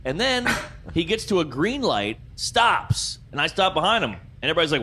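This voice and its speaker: A man from Louisiana, a comedian telling a wild story as a podcast guest, animated and bursting into yelled exclamations. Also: on the high side, moderate pace, background noise. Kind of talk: comic storytelling.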